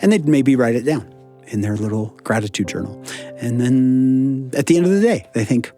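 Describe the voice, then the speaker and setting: A man's voice: medium pitch, normal speed, faint music behind. A middle-aged man, a professor and author, talking as a guest on a casual podcast, acting out people's thoughts as he explains. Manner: animated, acts out quoted thoughts.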